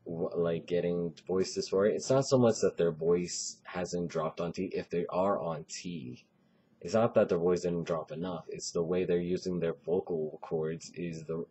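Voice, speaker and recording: A man with a deep, low-pitched voice and a warm, mellow tone talks loosely to the camera. He rambles a little and leans on fillers as he hands out advice. A faint hiss sits under his voice. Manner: relaxed, rambling, filler-heavy talk. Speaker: vlogger giving voice advice. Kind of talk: casual advice vlog.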